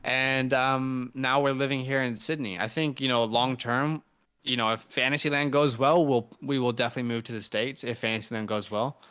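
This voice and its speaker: A man's voice: medium pitch, steady tone, brisk, fairly bright tone, clear, resonant tone. A young man co-hosting a fantasy football mock draft, joking loosely and hyping up viewers. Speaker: fantasy football podcast co-host. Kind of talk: casual live mock-draft chat. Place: indoors, living in Sydney.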